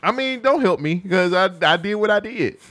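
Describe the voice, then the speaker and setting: A man in casual chat, telling a personal story with animated, swinging delivery and high-pitched quoted lines. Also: moderate pace, no echo.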